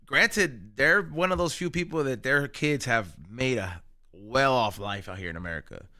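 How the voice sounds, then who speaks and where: A man hosting a casual podcast, talking in slangy, excitable bursts and laughing often. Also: medium pitch, normal speed. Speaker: podcast host.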